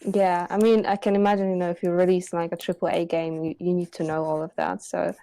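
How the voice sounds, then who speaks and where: Mellow woman developer chatting, dry sound. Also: on the low side, a little fast, vocal fry, no room sound. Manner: relaxed, filler-heavy, enthusiastic. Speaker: game developer guest. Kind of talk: casual interview chat.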